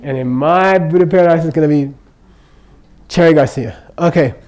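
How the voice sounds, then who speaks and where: An older man leads an informal Buddhist teaching, his voice sitting a little high for a man. He talks loosely and with humor, drifting into asides and repeatedly checking in with the room. The delivery is conversational rather than preached. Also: normal speed, a little mellow, rough recording. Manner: chatty, joking, checks in with "okay?" constantly.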